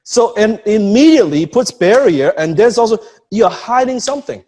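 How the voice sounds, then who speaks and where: A man talks through public speaking tips in a relaxed conversation, animated and blunt. His voice swoops up and down a great deal and sits a little high. It has a husky edge, and he acts out little scenes as he goes. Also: normal speed. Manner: animated, profane, demonstrates with acted asides. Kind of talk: casual coaching chat.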